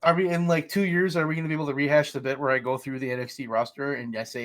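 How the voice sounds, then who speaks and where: A man's voice: medium pitch, steady tone, racing. A man co-hosting a wrestling podcast in casual chat, joking, swearing often and laughing. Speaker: podcast co-host.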